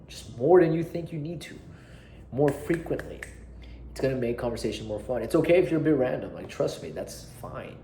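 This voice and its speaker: A man's voice: medium pitch, mellow, a little hiss or hum. A young man giving direct advice on conversation skills, casual and emphatic, often checking in with "right?", and swearing freely. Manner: uses his hands and body while talking. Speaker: dating and social skills coach. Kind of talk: direct-to-camera advice talk. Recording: echoey room.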